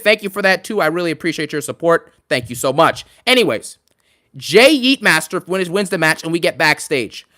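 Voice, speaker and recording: A man hosting a live stream, ranting in an animated, sarcastic and emphatic way. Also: sits high.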